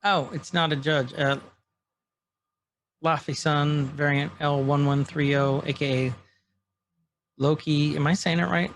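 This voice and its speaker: Guy with a gravelly voice chatting on a podcast, slightly high for a man, tossing in quotes from the show. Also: unhurried, long pauses, slight background noise. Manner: animated, acts out scene quotes in passing. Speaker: podcast co-host. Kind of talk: casual chat, recapping a show.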